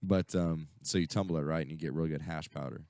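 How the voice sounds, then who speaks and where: His very deep voice is steady, a little mellow, clear and resonant, and he talks fast. As a radio co-host in a casual chat, he spins rambling, profane stories full of fillers and restarts. The recording is dry and studio quality.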